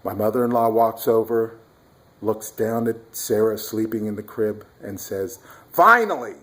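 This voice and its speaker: A man's voice: fairly low pitch, flat delivery, a little slow, warm tone. A man casually telling a personal story about his mother-in-law, at times demonstrating sounds and whispering to explain.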